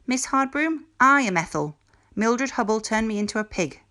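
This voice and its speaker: A woman with an expressive, mid-range voice, pitched above her own yet close to an everyday voice, plays a spiteful schoolgirl turned into a pig. Speaking at a moderate pace, the character is bossy and whiny, and she's bellowing.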